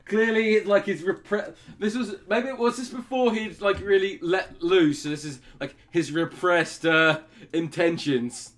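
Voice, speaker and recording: A man bantering on a casual live stream in a somewhat high voice. He teases his co-host and throws out crude jokes in a loose, rambling way. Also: fairly even intonation, a little slow.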